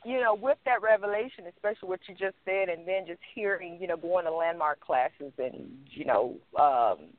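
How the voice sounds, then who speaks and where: A woman with a Southern US accent, co-hosting a casual talk and chatting in an animated way with frequent laughter. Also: fairly low pitch, moderate pace, few pauses, no room sound. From Southern United States. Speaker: podcast co-host. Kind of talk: casual conversation. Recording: tinny phone-line sound.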